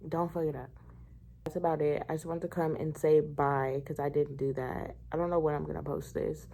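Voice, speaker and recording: A woman's voice: deep voice, dark tone, a little hiss or hum, poor audio. A nineteen-year-old woman and new mother, chatting casually and candidly on her vlog in rambling, slangy talk at home. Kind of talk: casual chat.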